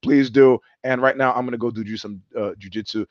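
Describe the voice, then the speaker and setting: His mid-range voice holds a steady tone at a brisk pace as he hosts his own live-stream show alone. The monologue wanders wryly, he laughs often, and the slightly dull audio carries no room sound.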